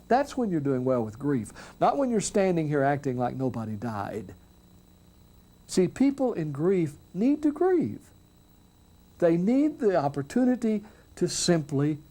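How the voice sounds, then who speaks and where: A man, a minister, giving a storytelling talk on death and grief, earnest and reflective, often dropping soft and quiet. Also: fairly high pitch. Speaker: minister speaking on hospice and grief.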